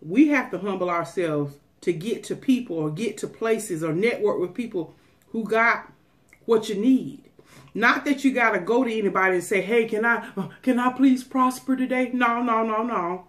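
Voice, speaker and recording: A woman's voice: medium pitch, moderate pace. A woman food vlogger chatting casually to her viewers, folksy and preachy, giving them a pep talk.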